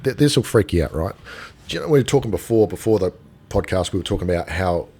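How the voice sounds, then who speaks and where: Husky-voiced Australian man, low and lively. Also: fast. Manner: animated storyteller, acts out quoted voices. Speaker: gold dealer guest. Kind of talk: casual podcast chat.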